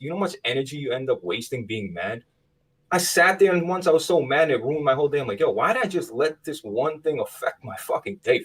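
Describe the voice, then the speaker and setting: A man's voice: mid-range voice, breathy edge, distant mic. A man hosting a casual gaming podcast, talking bluntly and emphatically with plenty of swearing. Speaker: podcast host.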